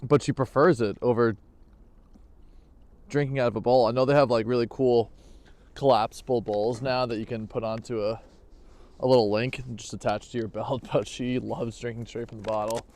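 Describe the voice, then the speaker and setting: A man's voice: mid-range voice, fairly even intonation, moderate pace, a little mellow. Chatty man vlogging on a snowy hike. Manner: chatty, talks to his dog and viewers. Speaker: vlogger hiking with his dog. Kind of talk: casual walking vlog narration. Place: outdoors in a snowy park. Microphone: action camera.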